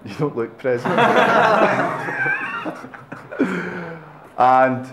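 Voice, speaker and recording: Male interviewer, teasing and quick with quips. Slightly high voice, recorded in an echoey club. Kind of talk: jokey casual interview. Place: music club, indoors. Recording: roomy club with faint background hum.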